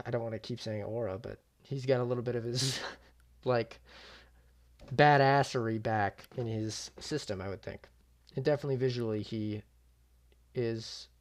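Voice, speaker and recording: A man's voice: mid-range voice, a little mellow. A young man giving casual, slangy reaction commentary, swearing freely and often trailing off mid-thought. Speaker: YouTube MMA commentator.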